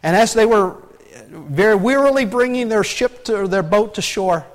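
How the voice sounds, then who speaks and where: A high-pitched man preaching from the pulpit in a relaxed, folksy way. He tells the story loosely and keeps turning to the congregation with rhetorical questions. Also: moderate pace. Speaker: pastor. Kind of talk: conversational sermon.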